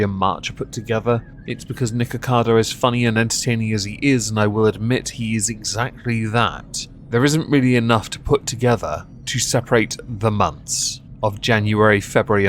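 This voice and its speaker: A man's voice: mid-range voice, slight background noise. A man narrating a scripted commentary video in a sarcastic, mocking manner. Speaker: commentary host.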